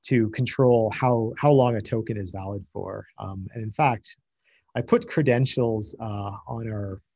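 A man's voice: on the low side, unhurried, creaky, dark tone, breathy edge, muffled recording. A man presenting at a conference, answering audience questions in a thoughtful technical explanation and often restarting his phrases with ums.

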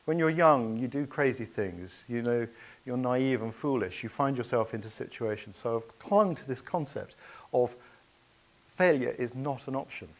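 Male speaker, storytelling keynote, earnest, anecdotal, halting fillers. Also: medium pitch, expressive.

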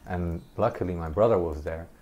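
Deep-voiced man telling a story. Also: dull audio, slight background noise. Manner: animated, laughs between sentences; halting, many restarts. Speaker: gameplay commentator. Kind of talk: casual storytelling over gameplay.

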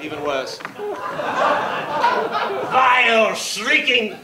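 A man's voice: sits high, animated, drawn-out words, voice pushed up, heavily acted. A man on a comedy club stage playing a pompous theatrical snob with a put-on grand accent, declaiming into a handheld mic. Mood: scornful. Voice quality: haughty, declamatory. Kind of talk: stand-up character bit. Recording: echoey club with crowd noise.

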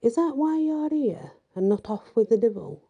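A woman reading the part of a rough-spoken male prisoner priest in a spoken story, in a gruff rustic dialect. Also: fairly high pitch, big pitch swings, moderate pace, highs cut off, voice pushed up, full character voice. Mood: suspicious.

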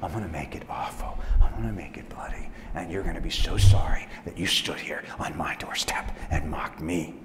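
A man's voice: very deep voice, moderate pace, hardly any pauses, whispered, pitched below the performer's own voice. A man voicing a big, hungry, boastful male wolf who roars and hisses threats, recorded in an echoey hall. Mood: menacing. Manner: roaring, then hissing threats. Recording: echoey hall, mic at a distance.

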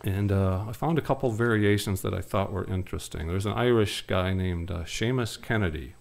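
A man from Michigan doing wry, rambling comedic stage patter between songs, with many hesitant pauses. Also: lowish voice, creaky. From Michigan, USA. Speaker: singer-comedian. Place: live stage before an audience.

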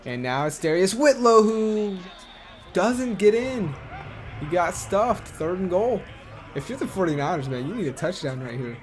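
A man hosting a gaming channel, giving casual play-by-play commentary over a football video game, talking quickly with fillers and restarts. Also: high-pitched, very animated, soft background music, a faint crowd. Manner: quick play-by-play with filler words and self-corrections.

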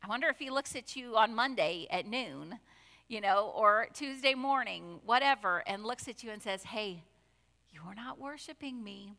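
A woman's voice: on the high side, expressive, normal speed, sharp tone, big-room sound. A woman pastor preaching a conversational sermon, full of asides and rhetorical questions. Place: church sanctuary.

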